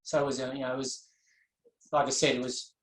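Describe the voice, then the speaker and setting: A man telling his personal story as an interview guest, earnest and reflective, pausing and restarting as he goes. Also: mid-range voice, flat delivery. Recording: echoey room.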